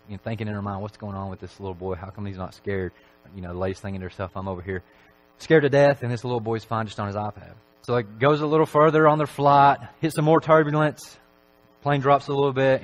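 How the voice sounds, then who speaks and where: A man preaching a Sunday evening sermon in a church, talking in a relaxed, conversational way with frequent filler phrases. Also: lowish voice, rough recording.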